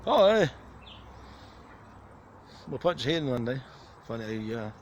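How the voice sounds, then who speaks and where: A man's voice: medium pitch, fast talker. A man filming his birds on a phone in an outdoor aviary, joking crudely and talking straight to them. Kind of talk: casual profane vlog. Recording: noisy with birdsong.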